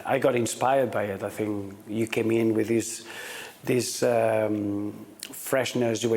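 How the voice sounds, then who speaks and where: Halting, gravelly-voiced football manager. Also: male voice, mid-range voice, darkish tone. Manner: hesitant, often repeats words when starting sentences. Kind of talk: interview answers, reflective.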